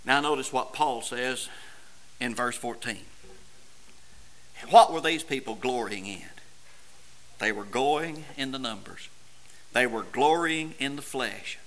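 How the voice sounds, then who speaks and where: A man delivers a sermon in a high, bright voice, speaking slowly and deliberately. He swings from loud declaiming to low, intense passages and addresses the congregation directly. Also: poor audio. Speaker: preacher.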